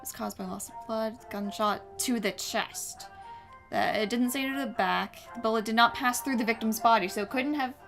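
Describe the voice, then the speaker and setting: A woman's voice: on the high side, normal speed, creaky, fairly bright tone. A woman hosting a let's play, chatty and self-mocking as she works through a game. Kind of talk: casual gaming chat. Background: game music.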